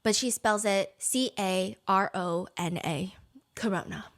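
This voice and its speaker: A woman telling a story in casual chat, reading messages aloud, animated and laughing, swearing freely. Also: mid-range voice, a little slow.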